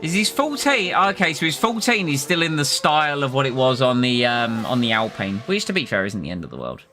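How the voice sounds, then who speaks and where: Male game streamer, bright voice, casual running commentary, faint music behind. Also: medium pitch, very animated, brisk. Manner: chatty, reacts aloud to the game and chat. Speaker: streamer playing a racing management game.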